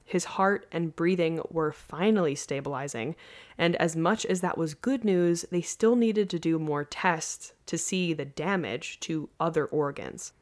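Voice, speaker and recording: Podcast host, woman, lowish voice, earnest casual storyteller. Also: unhurried. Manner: earnest, lively, laughs easily.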